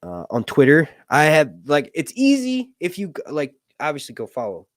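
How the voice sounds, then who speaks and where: Animated rambling male livestream host. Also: on the high side, normal speed, no room sound, clean studio sound. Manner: rambling, animated, frequent fillers and jokes. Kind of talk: casual livestream chat.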